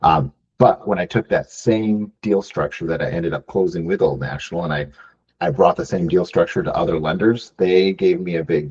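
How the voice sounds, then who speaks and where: A man's voice: low-pitched, normal speed, a little mellow, breathy edge, muffled recording. A man from Michigan answering interview questions casually, often adding "right?" and restarting phrases. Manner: frequent "um" and "right?" tags, restarts. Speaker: business buyer guest.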